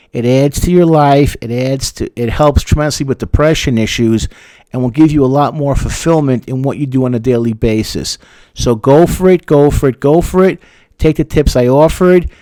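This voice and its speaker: A man's voice: medium pitch, a little mellow, dry recording. A male therapist giving frank, sarcastic relationship advice and repeating words for emphasis. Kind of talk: advice talk to camera.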